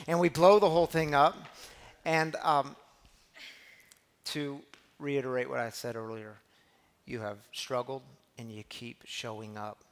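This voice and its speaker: A man's voice: a little high, fairly bright tone. A man leading a faith-based recovery meeting, speaking in a casual, encouraging, conversational way. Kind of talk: casual spoken ministry talk.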